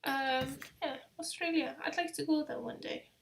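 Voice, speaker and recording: A woman's voice: sits high, steady tone, normal speed, slight background noise. A young woman hosting a casual live travel quiz, chatty and rambling, with self-deprecating asides. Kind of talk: casual live-stream chat.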